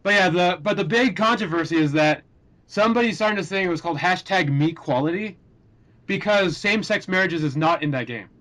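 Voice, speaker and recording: A young man with a high, slightly bright voice hosts a casual group-chat podcast, talking a little fast. He rambles with plenty of fillers and laughs often.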